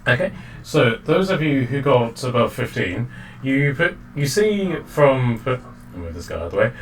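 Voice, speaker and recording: Rambling dungeon master, mic set back. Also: male voice, medium pitch, big pitch swings, normal speed. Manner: rambling, full of ums and restarts. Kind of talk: narrating a tabletop game. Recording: distant mic with faint noise.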